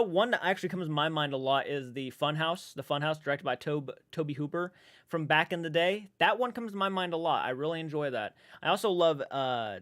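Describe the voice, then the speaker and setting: A man's voice: on the high side, a bit bright, no echo, studio quality. A man chatting casually on a live stream, reading viewers' comments aloud, rambling and swearing freely.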